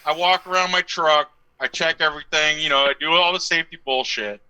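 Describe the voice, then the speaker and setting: A man's voice: on the high side, brisk, bright, forceful tone, clean tone, poor audio. A young man co-hosting a casual live stream, telling profane, ranting stories about his workday. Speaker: co-host.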